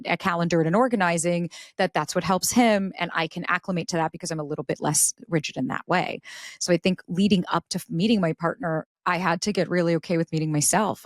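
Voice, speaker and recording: Podcast guest, woman, lower voice, animated storyteller, dry close mic. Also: dry recording. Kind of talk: casual interview talk.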